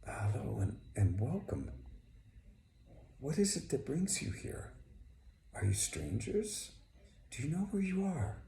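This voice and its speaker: A man voicing a kindly old garden caretaker, speaking softly and gently in an echoey room. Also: medium pitch, big pitch swings, slow pace, vocal fry, long pauses, slight background noise, pitched above the performer's own voice, heavily acted. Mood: welcoming.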